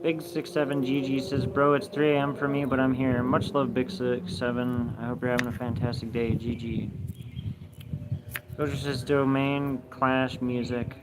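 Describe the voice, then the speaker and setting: A young man live streaming from a lakeside park, reading his chat aloud in a flat, mumbled way that turns defensive at times. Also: mid-range voice, normal speed. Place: outdoors at a park by a lake. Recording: noisy outdoor phone recording.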